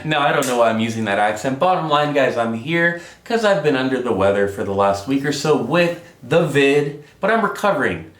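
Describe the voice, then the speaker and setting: A man's voice: mid-range voice, lively intonation, fairly quick, few pauses, fairly bright tone, roomy sound. A man hosting a casual business explainer vlog from his home studio, upbeat and talking straight to his viewers as guys. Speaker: business vlogger.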